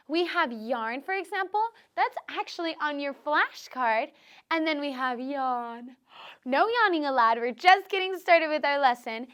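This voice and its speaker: Woman teacher with a high voice, upbeat and sing-song, drilling letter sounds for small kids. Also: fairly bright tone. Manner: cheerful, sing-song, exaggerated for small children. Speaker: kindergarten teacher. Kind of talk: children's phonics lesson. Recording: recorded lesson video.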